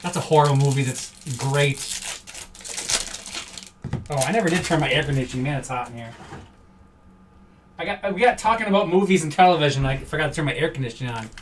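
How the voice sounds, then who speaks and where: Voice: mid-range voice, lively intonation, fast, long pauses, recorded from a distance, slight background noise. A card-break host from Wisconsin, chatting casually and rambling on a live stream indoors. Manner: chatty, rambling, easily amused. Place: indoor room.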